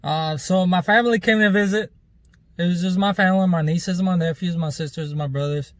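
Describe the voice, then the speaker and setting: A man's voice: sits high, brisk, dry recording. A man vlogger telling a rambling, loose story in casual chat, with plenty of fillers and some swearing.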